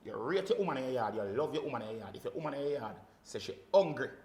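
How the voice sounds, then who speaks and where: A man's voice: mid-range voice, lively intonation, rapid-fire, a little mellow, roomy sound. A man with a Jamaican accent, a guest on a casual podcast, speaking emphatically and telling stories animatedly in patois. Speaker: guest, sound system selector.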